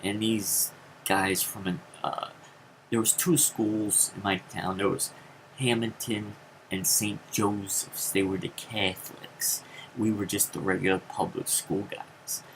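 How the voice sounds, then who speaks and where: A man telling a rambling story in a casual vlog, with many fillers and sudden jumps into high acted quotes. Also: level tone, measured pace, vocal fry, a little hiss or hum, rough recording. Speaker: vlogger.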